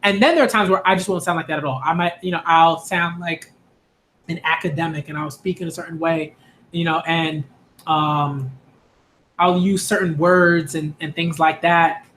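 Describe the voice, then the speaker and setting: A young man from Hollis, Queens, New York hosts anime and manga videos, chatting casually to camera in a rambling way with lots of "like," "um," and restarts. His voice is on the high side, steady and fairly bright, at a normal speed, with a little hiss or hum in the recording.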